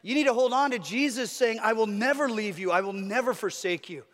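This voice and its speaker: A man's voice: sits high, brisk, fairly bright tone, big-room sound. A man preaching a sermon as a pastor, earnest, with a repetitive, building cadence.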